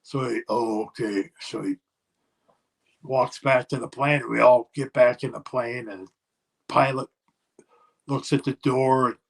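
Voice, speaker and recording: An older man, a former pro wrestler, telling a road story in a casual interview and acting out other people's yelling. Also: medium pitch. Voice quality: gravelly, husky.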